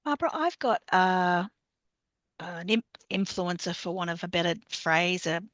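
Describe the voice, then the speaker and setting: A woman's voice: on the low side, lively intonation, measured pace, fairly bright tone, no echo. A woman taking part in a webinar, speaking hesitantly and searching for her words. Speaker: webinar participant. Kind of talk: audience question.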